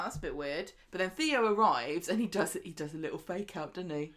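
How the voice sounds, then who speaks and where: A woman co-hosting a casual chat show, recapping a soap and acting out the characters' lines in lively bursts. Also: fairly low pitch, fairly quick. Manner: chatty, acts out characters' lines in animated bursts. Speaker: podcast co-host.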